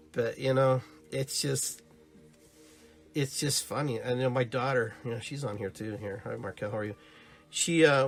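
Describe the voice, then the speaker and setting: A man hosting a live-streamed podcast, chatting casually and rambling, who greets his viewers and acts out little stories. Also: on the low side. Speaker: podcast host.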